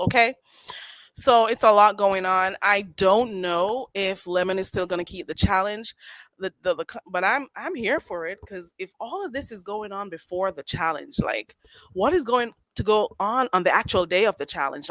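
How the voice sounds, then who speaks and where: A woman hosting a livestream, chatting in a sassy, animated way and laughing often. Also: medium pitch, normal speed, dry recording. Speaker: livestream host. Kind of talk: casual commentary chat.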